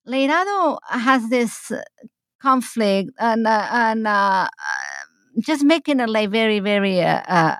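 A woman's voice: mid-range voice, no room sound. Woman, historian guest, loose rambling delivery, dry close mic. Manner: rambling, many restarts and fillers. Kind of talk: casual interview talk.

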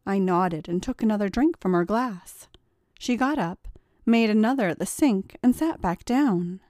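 Slow, mellow woman narrating a story. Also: medium pitch, lively intonation, no room sound, clean studio sound. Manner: quiet, confiding and unhurried. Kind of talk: first-person story narration.

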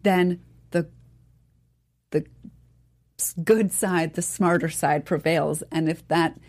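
A woman in a casual political talk, earnest and halting, searching for her words. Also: low voice, steady tone, darkish tone.

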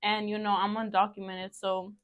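A woman's voice: medium pitch, level tone, moderate pace, muffled recording. A young adult woman, a guest on an interview show, telling her story in a chatty, casual way with loose swearing. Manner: chatty, swears casually, acts out quoted dialogue. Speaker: guest entrepreneur.

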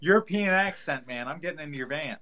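A man's voice: a little high, lively intonation, fast talker, sharp tone. A man co-hosting a casual comedy podcast, riffing on the stories with jokey voices and laughs. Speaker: podcast co-host.

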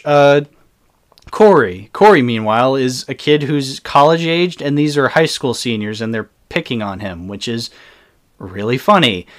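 Exasperated man ranting about movies. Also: a little high. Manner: exasperated, sarcastic, frequent "like" fillers. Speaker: movie reviewer. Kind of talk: casual ranting movie review.

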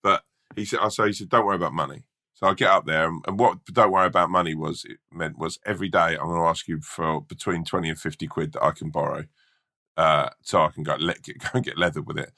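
A man with a very low, gravelly voice that still has a bright edge. He is a hungover stand-up comic, swearing freely as he tells a story in an easy chat. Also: fairly even intonation, quick pace. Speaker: stand-up comedian. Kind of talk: casual podcast chat, anecdote.

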